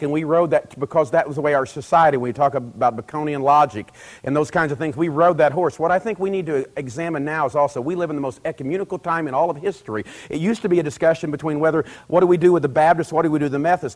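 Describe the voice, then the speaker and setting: Middle-aged male preacher, fairly high voice, chatty delivery that swells to forceful emphasis, voices the people in his stories. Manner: conversational, building to loud emphatic peaks, acts out quoted dialogue. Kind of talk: sermon.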